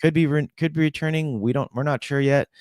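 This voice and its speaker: A man's voice: a little high, fairly quick, a little mellow, dry recording, clean studio sound. A man co-hosting a soccer podcast, talking in an easygoing way with joking asides. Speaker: podcast co-host. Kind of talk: casual sports podcast chat.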